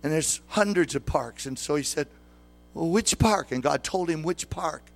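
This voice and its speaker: Gravelly preacher in his sixties. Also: a little high, moderate pace. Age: 60s. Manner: preaching with questions to the congregation. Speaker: pastor. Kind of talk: sermon.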